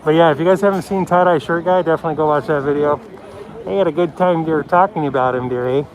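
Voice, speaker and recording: Amid a noisy protest crowd on a city street, a man from the Pacific Northwest talks fast as he films on a handheld phone. His live-stream commentary is casual and rambling, often sinking into a low voice.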